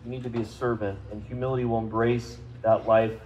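A man preaching a sermon to a congregation, speaking conversationally, asking them questions and rising in pitch and volume for emphasis. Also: little pitch movement, brisk, a little mellow, a little hiss or hum, rough recording. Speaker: pastor. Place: church service.

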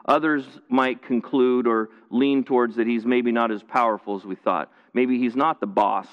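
A man's voice: mid-range voice, fairly even intonation, moderate pace, muffled recording. Man preaching in a reverberant hall. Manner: conversational preaching with frequent restarts and repetition. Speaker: pastor. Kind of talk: sermon. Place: church, streamed to viewers at home.

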